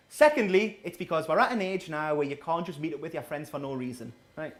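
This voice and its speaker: A man's voice: fairly high pitch, animated, fairly quick. A man, doing a chatty, sardonic live stand-up set in a small coffee shop, often checking in with the crowd. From North East England. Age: 30s. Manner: sardonic, chatty, keeps asking the crowd "right?". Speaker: stand-up comedian.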